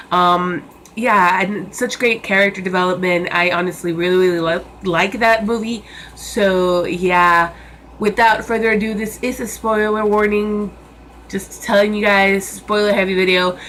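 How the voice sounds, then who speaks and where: A woman's voice: mid-range voice, a bit bright, a little hiss or hum. A young woman reviewing a movie in a casual vlog, chatty and enthusiastic, with many fillers and repeated words.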